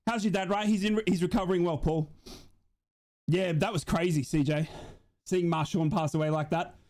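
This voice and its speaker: Lad streaming a footy watch-along, really high voice, chatty, reading donations. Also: male voice, steady tone, moderate pace. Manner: chatty, reads out donations, yells at goals. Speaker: fan streamer commentating a live match. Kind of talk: excited live watch-along commentary.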